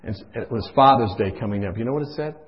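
A man preaching a sermon, impassioned, swinging from hushed storytelling to loud pleading, in a dull lo-fi recording. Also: medium pitch, fast.

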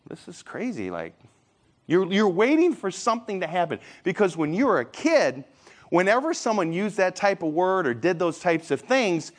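A man giving a conversational church seminar, acting out the voices of children and parents as he tells his story. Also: high voice. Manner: animated, acts out voices of kids and parents. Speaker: seminar speaker.

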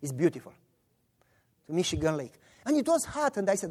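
A man's voice: high voice, brisk. A man with a Romanian accent preaching a sermon, telling stories animatedly and voicing the people in them. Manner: animated storytelling, voices his characters.

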